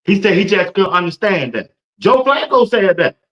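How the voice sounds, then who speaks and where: A man hosts a casual live-streamed sports talk show. He talks loosely and chattily and speaks to viewers in the chat by name. His voice sits a little high, and the stream audio sounds dull and lo-fi. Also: very animated, moderate pace, fairly bright tone.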